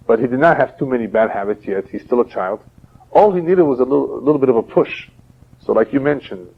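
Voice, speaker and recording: Gravelly-voiced male rabbi lecturing. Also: medium pitch. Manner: teaching through parables, steady explaining. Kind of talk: religious lecture. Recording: dull lo-fi older audio.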